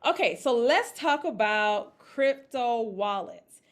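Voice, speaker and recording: Woman presenter, casual teaching talk, on the high side, keeps asking "all right?". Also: animated, slow pace. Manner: chatty, repeats "okay?" and "all right?" to check in; acts out her own panicked reactions in a raised voice. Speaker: crypto investing presenter. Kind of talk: casual instructional talk to a group.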